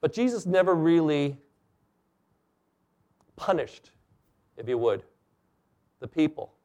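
Male preacher, slightly high voice, animated sermon delivery. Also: slow pace. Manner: animated, acts out quoted speakers. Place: church stage.

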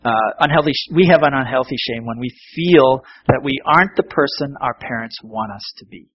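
A man's voice: mid-range voice, brisk, breathy edge, dull audio. A middle-aged man preaching a sermon in a conversational, self-deprecating way, with asides and fillers. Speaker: pastor.

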